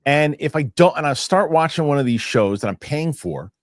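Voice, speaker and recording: A man's voice: on the high side, moderate pace, dry recording, studio quality. A man co-hosting a casual film podcast, telling stories with lots of swearing. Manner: animated storyteller, swears freely. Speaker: podcast co-host.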